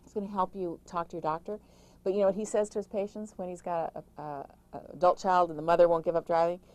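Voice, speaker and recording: A middle-aged woman, an author, giving emphatic, rapid-fire caregiving advice in an interview, with frequent restarts. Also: lowish voice, steady tone, darkish tone, rough recording. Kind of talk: interview answers.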